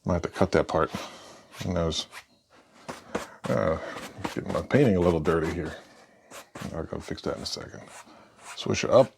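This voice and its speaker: Low gravelly guy talking thru a painting tutorial, laid back, bit of noise behind. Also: normal speed, pauses often. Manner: relaxed, thinks aloud while working. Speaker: painting instructor.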